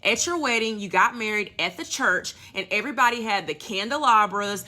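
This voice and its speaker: Bright-voiced middle-aged woman reminiscing. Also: mid-range voice, animated, fairly quick. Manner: matter-of-fact, reminiscing about old customs. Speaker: storyteller. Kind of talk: casual reminiscing talk.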